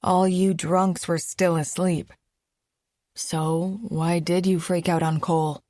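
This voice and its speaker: A woman's voice: lowish voice, level tone, slow pace, warm tone, no echo, clean studio sound. A woman reading an audiobook, voicing a young adult man who is an easygoing, mildly dismissive boyfriend. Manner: casual, teasing, mildly scoffing. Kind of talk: audiobook character voice.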